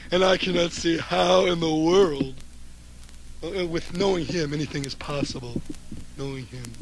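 A man speaking quickly and bluntly in a rambling way. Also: on the high side, slight background noise. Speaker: accountant talking about his brother.

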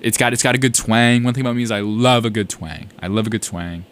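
A man's voice: mid-range voice, quick pace, smooth. A young man from South Carolina hosting a college radio show, chatting casually in a rambling, self-correcting, enthusiastic way.

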